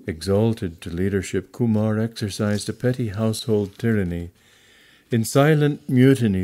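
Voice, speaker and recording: Low, mellow male audiobook narrator. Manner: measured, deliberate reading. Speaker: audiobook reader. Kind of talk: scripted narration of a memoir.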